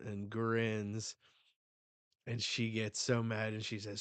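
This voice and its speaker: A young man reading a manga chapter aloud in a live reaction, excitable and swearing as he goes. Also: lowish voice, unhurried, no echo.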